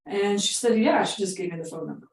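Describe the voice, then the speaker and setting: A woman's voice: mid-range voice, fast, a little mellow, roomy sound, distant mic, low-quality recording. A woman coaching on real estate investing, telling a story in a chatty, casual way full of fillers and quoted dialogue.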